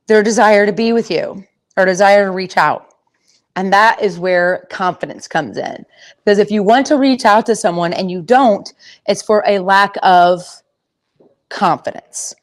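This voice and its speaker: A woman teaching about confidence while working with a horse. She talks in a loose, rambling way, full of fillers and restarts, with an easygoing, conversational pitch. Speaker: horse trainer and confidence coach. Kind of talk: casual teaching talk.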